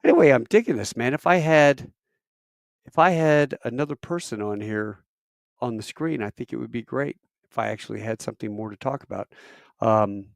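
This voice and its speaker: A man's voice: medium pitch, moderate pace, creaky, dry recording, studio quality. A man who works airline crew, talking casually on a live stream and rambling with fillers as he tells stories. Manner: rambling storyteller with fillers and restarts. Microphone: camera mic on a live stream.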